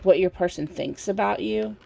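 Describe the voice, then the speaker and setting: A sleepy woman giving a casual pick-a-card tarot reading, talking in a slow, meandering way with lots of fillers. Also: mid-range voice, vocal fry, dark tone, a little hiss or hum. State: sleepy, yawning. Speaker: tarot reader.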